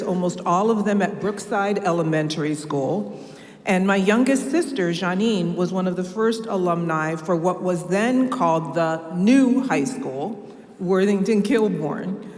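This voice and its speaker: A woman from Ohio giving a measured, earnest keynote speech from a church podium. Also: mid-range voice, a little mellow. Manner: measured, earnest public speaking. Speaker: keynote speaker. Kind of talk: formal speech. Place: large church sanctuary. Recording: echoey hall with long reverb.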